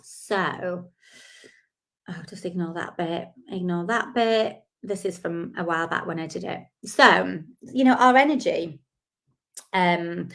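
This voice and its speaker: A woman's voice: on the low side, gravelly, fairly bright tone. A woman, a life and business coach giving a chatty, encouraging live-streamed talk with frequent fillers into a phone or webcam.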